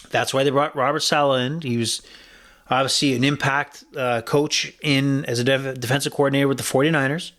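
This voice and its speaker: Guy rambling thru his football picks, blunt and swears a lot, regular pitch. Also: a bit bright. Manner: blunt, rambling, with profanity and restarts. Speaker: sports betting podcast host. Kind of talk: casual sports betting talk.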